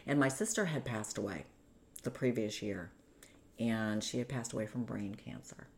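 A woman with a strikingly deep voice and a gravelly, fried edge speaks as a guest in a sit-down interview. She tells her own story candidly and in detail. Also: moderate pace. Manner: candid, retelling past conversations.

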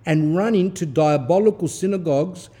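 A preaching man with a dark, mellow voice that sits a little high. He reads a stern text with force and breaks off to explain it in plain asides. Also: moderate pace, husky. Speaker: Orthodox priest giving a talk. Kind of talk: sermon reading a text with commentary.

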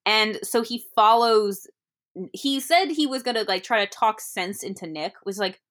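A woman's voice: a little high, normal speed, a bit bright. Chatty woman in a casual chat. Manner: chatty, laughs often, acts out quoted thoughts. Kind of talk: casual movie discussion.

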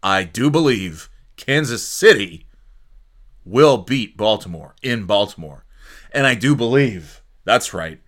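Rambling low-voiced man talking sports. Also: animated, slow pace, fairly bright tone. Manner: rambling, joking, many fillers and restarts. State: sleepy, yawning. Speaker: sports podcast host. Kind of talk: casual solo sports talk.

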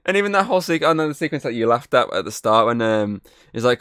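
A man's voice: mid-range voice, quick pace, hardly any pauses, a bit bright, clean tone, no room sound, clean studio sound. A man hosting a casual podcast chat, rambling on, swearing often and laughing easily. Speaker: podcast host. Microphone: headset.

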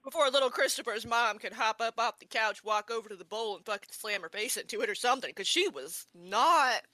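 A woman telling a story in casual chat, animated and profane, acting out quotes. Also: on the high side, fairly quick, dry recording.

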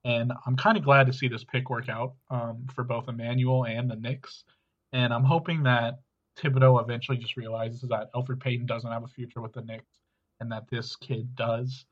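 A man's voice: medium pitch, normal speed, slightly rough. Lo-fi man giving fantasy basketball analysis. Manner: steady, analytical, with many ums. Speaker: fantasy basketball podcast co-host. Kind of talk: casual sports chat.

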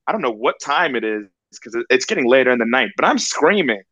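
A young man co-hosting a casual sports chat, a lively and playful storyteller. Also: mid-range voice, fast, hardly any pauses, dry recording. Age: young adult. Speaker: podcast co-host. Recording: dry, dull lo-fi recording.

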